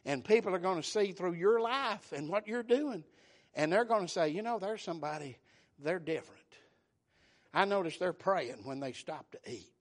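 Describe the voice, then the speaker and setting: Impassioned high-voiced preacher. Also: male voice, expressive, normal speed. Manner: impassioned, call-and-response, swings from loud to hushed. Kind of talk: sermon.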